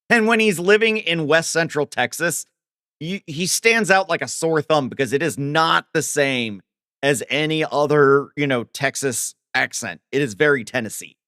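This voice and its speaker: A man from Ohio streaming live, rambling casually as he reads chat aloud and answers it with quick laughs. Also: a little high, bright, forceful tone, dry recording, clean studio sound.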